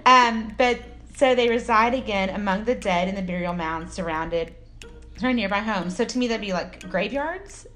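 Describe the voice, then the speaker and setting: A woman's voice: medium pitch, moderate pace, fairly bright tone, soft background music. Joking, swearing Texan woman podcaster. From Texas. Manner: joking, swears freely, laughs often. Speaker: podcast co-host. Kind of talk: casual chat.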